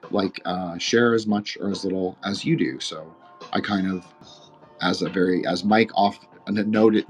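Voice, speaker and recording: A man hosting a casual roundtable podcast, rambling, earnest and emotional, with frequent profanity. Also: on the low side. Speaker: podcast host and moderator.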